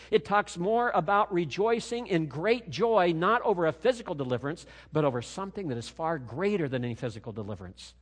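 A man preaches in a fairly high, very lively voice that swings up and down as he drives his points home. His words ring out with a long reverb through a church sanctuary. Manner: emphatic, rising and falling preaching cadence. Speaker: pastor. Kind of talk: sermon.

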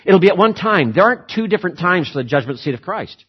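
A man preaching a sermon, emphatic, repeating words for stress and switching between slow, weighty phrases and quick runs. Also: sits high, very animated, husky, lo-fi sound. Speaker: pastor.

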